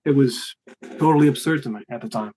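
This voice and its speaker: A young man chats as an interview guest in a mid-range voice. He rambles and restarts his sentences, getting animated as he goes. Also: mid-range voice, fast talker, slight background noise, low-quality recording. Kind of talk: casual interview chat.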